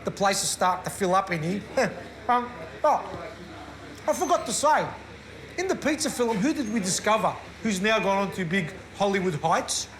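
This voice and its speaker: A man's voice: sits high, animated, moderate pace, fairly bright tone. Boastful man introducing clips. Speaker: host presenting clips. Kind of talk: casual chat.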